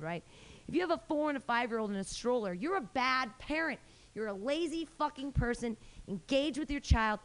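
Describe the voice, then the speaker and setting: A young woman hosting a small live comedy show and performing a stand-up set in a brash, rambling, self-mocking way, full of fillers and restarts. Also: mid-range voice. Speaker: comedy host and stand-up comic.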